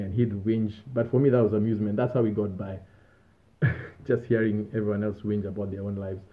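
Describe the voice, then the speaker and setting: A man's voice: on the low side, level tone, a little fast. A man telling casual stories from his student days, rambling and laughing as he goes. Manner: laughing, rambling, self-amused. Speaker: vlogger. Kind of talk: casual storytelling. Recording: tinny phone-like audio.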